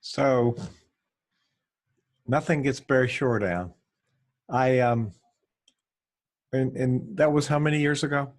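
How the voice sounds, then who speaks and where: A man's voice: medium pitch, slow, long pauses. A man hosting an interview, asking casual and somewhat hesitant questions. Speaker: host.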